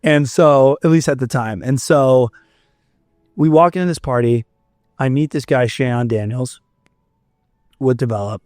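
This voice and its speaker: A man's voice: medium pitch, normal speed, long pauses, no echo, clean studio sound, faint music behind. A young man from Florida, a musician telling a story in casual chat, acting out quotes and swearing now and then. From Fort Myers, Florida. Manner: animated, swears, acts out quotes. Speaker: musician guest.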